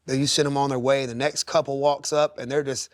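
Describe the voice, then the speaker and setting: A man's voice: medium pitch, flat delivery, brisk, no echo. Earnest rambling man on a podcast. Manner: earnest, rambling with many restarts and fillers. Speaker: singer, podcast guest. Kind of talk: candid conversational interview. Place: podcast studio.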